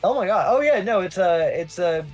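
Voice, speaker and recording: A man, a guest film critic, telling a story in casual, profane, animated chat. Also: high-pitched, moderate pace, soft background music.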